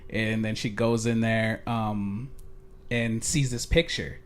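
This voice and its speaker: A man's voice: on the low side, fairly even intonation, takes it slowly. A man co-hosting a podcast, telling a story in casual chat, with joking asides and casual slang. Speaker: podcast co-host.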